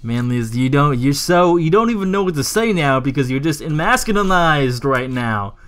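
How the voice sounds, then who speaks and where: A young man commentating his own game play, joking, swearing and talking back to the game, his voice jumping high when he gets irritated. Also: moderate pace. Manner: excitable, swings into high yelps when irritated; jokey, swears, talks to the game. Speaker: gaming YouTuber.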